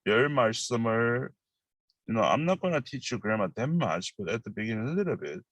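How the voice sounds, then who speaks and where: A middle-aged man with a Korean accent, teaching a relaxed language lesson, explaining slowly in halting English with many fillers and repeating Korean phrases quickly. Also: mid-range voice, no room sound, rough recording.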